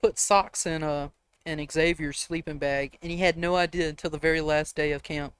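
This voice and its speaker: Young dude on a podcast, smooth clear voice, kinda high, chill storyteller. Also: male voice, steady tone, moderate pace, fairly bright tone. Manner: laid-back storyteller, chuckles through anecdotes. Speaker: podcast co-host. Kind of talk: casual chat.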